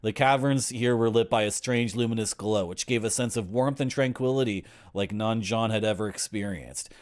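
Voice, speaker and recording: A man's voice: on the low side, normal speed. Wry man streaming a game. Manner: wry, griping asides, sarcastic. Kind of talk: reading game text aloud with commentary.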